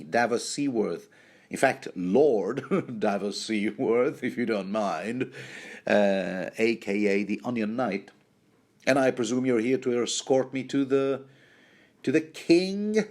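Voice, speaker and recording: A man voicing a smug middle-aged male knight in a squeaky, helium-high voice for a book commentary. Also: a little slow, a little mellow, close to an everyday voice.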